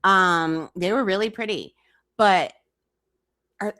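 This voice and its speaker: A woman streamer talks back to a clip in incredulous, teasing commentary. Her voice sits at a middling pitch and the sound is dry and close, with little room in it. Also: slow pace, sharp tone, no echo. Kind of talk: reaction commentary.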